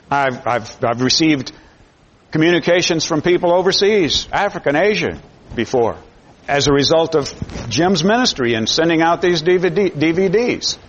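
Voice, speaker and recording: A man preaching a sermon to his congregation, emphatic, often repeating words as he builds each point. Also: a little high. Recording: dull lo-fi sermon recording.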